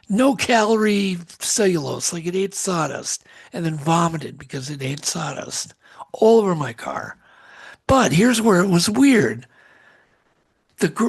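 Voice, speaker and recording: A middle-aged man telling a strange story as a podcast guest, animated and acting out what people said. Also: high voice, husky. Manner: animated storyteller, acts out quotes.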